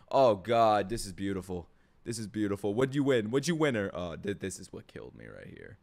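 A young man giving a profane, jokey reaction to an anime opening, swinging between low murmurs and excited shouts. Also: fairly quick, vocal fry. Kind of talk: live reaction commentary.

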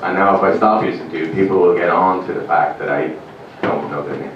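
Irish comic with a lively, low voice. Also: male voice, a little fast, highs cut off, noisy background. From Ireland. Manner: rambling, deadpan, swearing. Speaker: stand-up comedian. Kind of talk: stand-up comedy. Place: comedy club stage. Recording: echoey club room, mic far off.

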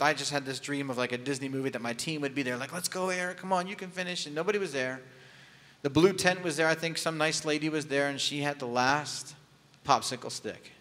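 A man's voice: medium pitch, sharp tone. A man preaching a sermon as a pastor, telling a personal story in a candid, conversational way with touches of humor. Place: church sanctuary. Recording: long hall reverb.

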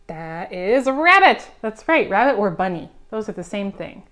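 A woman reading a picture book aloud at a preschool storytime, gently coaxing the children with questions. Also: mid-range voice, very animated, moderate pace. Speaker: children's librarian.

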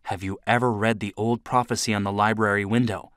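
A man voicing a melancholy, lonely old male ghost who speaks in a quiet, low, dreamy way. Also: little pitch movement, a little fast, clear, resonant tone, no room sound, clean studio sound, lightly acted. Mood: sad.

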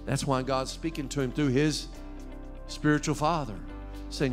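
A male pastor preaching a fervent sermon in a church, at times rising to shouts. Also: mid-range voice, moderate pace, faint music behind. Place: church sanctuary. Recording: long hall reverb.

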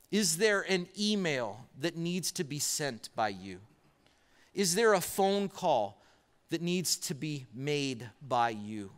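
A man with a fairly high, somewhat bright voice preaches a sermon as pastor in a church auditorium. He tells a story with pauses and keeps posing rhetorical questions to the congregation, and the recording carries church hall reverb.

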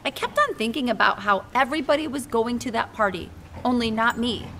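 A woman reading a children's book aloud with expressive, lively storytelling. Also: on the high side, a little fast, slight background noise.

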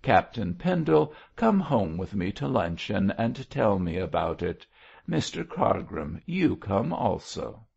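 A man's voice: fairly low pitch, big pitch swings, slow, gravelly, a little mellow, breathy edge, heavily acted. A man reading an audiobook voices an outspoken little old woman, tart and blunt. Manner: tart, speaks her mind. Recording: dull lo-fi audio.

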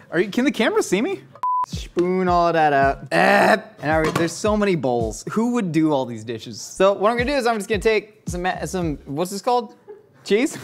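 A man hosting a casual cooking demonstration in a kitchen studio, joking and wandering into rambling asides, jumping into a high squeaky voice when acting out stories. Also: background noise. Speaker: cooking show host.

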